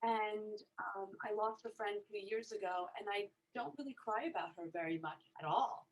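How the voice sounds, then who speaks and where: A woman's voice: medium pitch, normal speed, low-quality recording. Reflective woman sharing in a group. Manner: open and reflective. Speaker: meditation participant.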